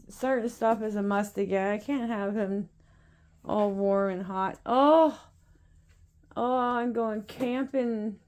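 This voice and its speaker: Woman, fairly high voice, slow easygoing pace, casual home pet vlog, chatty, laughs a lot, coos at her cats. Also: clear, resonant tone. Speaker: pet vlogger. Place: at home, indoors.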